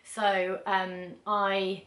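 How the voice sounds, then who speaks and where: A young woman talks straight to camera, candid and chatty, and hurries through her asides with plenty of "like". Her voice sits at an ordinary middle pitch. The room around her rings with a noticeable echo. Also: monotone, very slow, a bit bright. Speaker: vlogger. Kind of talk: casual storytelling to camera. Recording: roomy echo.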